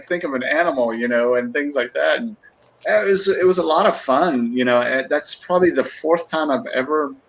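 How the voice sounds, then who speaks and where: A man's voice: medium pitch, vocal fry, a bit bright, poor audio. A middle-aged man chatting casually on a livestream, rambling through stories with many fillers and restarts.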